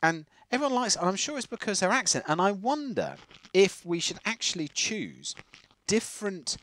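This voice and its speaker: A man with a slightly plummy southern English accent, co-hosting a casual countryside podcast, talking in an animated, rambling way. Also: sits high, normal speed, no room sound. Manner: animated, rambling, laughs often. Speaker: podcast co-host. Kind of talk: casual chat.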